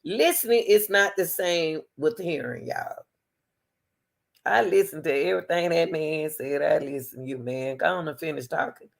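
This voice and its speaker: A woman's voice: low voice, moderate pace, vocal fry. A woman, hosting her channel and talking casually to camera, playful and teasing, laughing often and calling people baby and sweetie. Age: 60s. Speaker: channel host.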